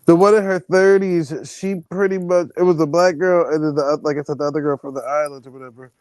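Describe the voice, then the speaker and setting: A man hosting a stream, telling travel stories in a casual, animated and profane way. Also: fairly high pitch, quick pace, smooth, no echo, rough recording. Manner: animated, profane, acts out quoted people. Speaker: stream host. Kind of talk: casual storytelling chat.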